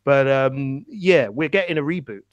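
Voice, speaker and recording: A man's voice: medium pitch, lively intonation, normal speed, no room sound, dull audio. A man hosting a podcast, steering the chat in an upbeat casual way and explaining an old cartoon. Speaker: podcast host.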